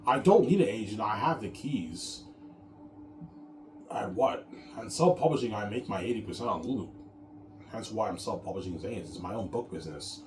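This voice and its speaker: A man with a very low voice talks in a loose, rambling way, circling back to the same points and ending lines with "man." His voice rings around a reflective room over steady, clearly heard background noise. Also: roomy sound. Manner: rambling, repetitive, tags sentences with "man". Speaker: show host. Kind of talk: casual rambling monologue.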